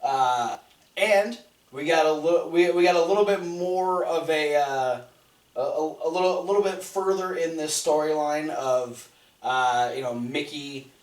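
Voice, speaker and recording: A man's voice: fairly high pitch, unhurried. A man co-hosting a casual podcast, walking through events in a loose, rambling way. He restarts his sentences often and leans on fillers. His voice sounds distant and roomy. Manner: rambling recap with frequent restarts. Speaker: podcast co-host. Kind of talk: casual wrestling recap chat.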